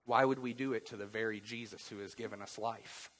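A man's voice: on the low side, fairly even intonation, a little fast, fairly bright tone. A man preaching a sermon as pastor, earnest and conversational, with bursts of humor. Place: church sanctuary. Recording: long hall reverb.

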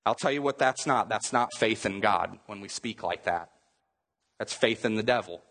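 A man's voice: fairly low pitch, lively intonation, normal speed, a bit bright, long reverb tail. A man preaching a sermon as pastor, emphatic and repetitive, often restarting his phrases.

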